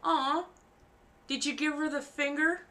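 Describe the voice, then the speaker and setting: A woman's voice: high voice, steady tone, a little slow, sharp tone. A woman hosting a live stream in casual chat, rambling easily and enunciating carefully around costume fangs. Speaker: livestream host.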